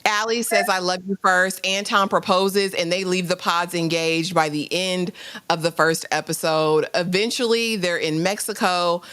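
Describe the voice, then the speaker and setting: A woman hosting a live review stream, talking casually to her viewers in an expressive, slangy way. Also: on the low side, normal speed, clean tone. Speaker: host of a live reality show review stream.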